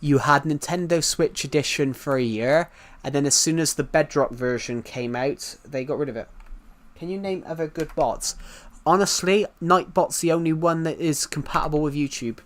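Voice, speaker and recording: A man's voice: on the high side, normal speed. A British man chatting casually on a live stream while playing, rambling and repeating himself as he answers viewers' chat. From United Kingdom.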